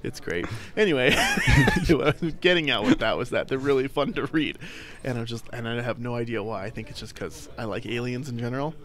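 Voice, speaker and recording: A young man co-hosting a podcast in a casual chat, laughing often and telling animated stories. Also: mid-range voice, fairly quick. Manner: laughs often, animated storytelling with quoted voices. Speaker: podcast co-host.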